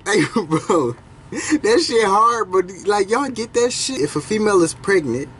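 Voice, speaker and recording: Young male reaction host, fairly high voice, slangy and excitable, faint hiss behind. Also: unhurried. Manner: loose, slangy, excitable, swears freely. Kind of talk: casual reaction commentary.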